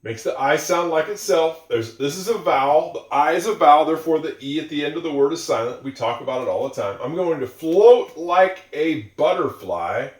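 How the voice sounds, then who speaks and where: A man teaching English to learners, going slowly and repeating example sentences, with musing asides. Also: on the high side, echoey room.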